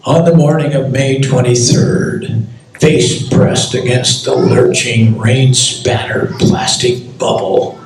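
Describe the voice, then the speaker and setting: A man in his eighties from the United States reading aloud from his own memoir at a book launch, in a slow, measured way with quoted speech. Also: mid-range voice, steady tone, gravelly, darkish tone, slight background noise. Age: 80s. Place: temple hall at a book launch. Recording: echoey hall from far off.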